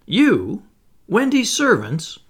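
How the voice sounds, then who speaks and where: A man's voice: sits high, huge pitch swings, very slow, slightly rough, voice pushed up, exaggerated voice. A man voicing a proud older boy, incredulous and scornful.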